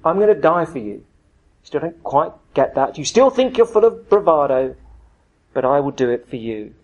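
A preacher voicing a blunt, chummy Jesus. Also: male voice, a little high, very animated, moderate pace, darkish tone. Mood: earnest. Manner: blunt, chummy paraphrase with slang. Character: exasperated yet loving male Jesus, colloquial.

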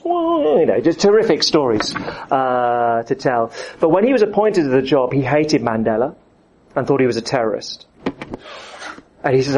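A man's voice: medium pitch, big pitch swings, moderate pace, a little mellow, highs cut off, slight background noise. A man preaching a sermon, acting out the voices of the people he quotes.

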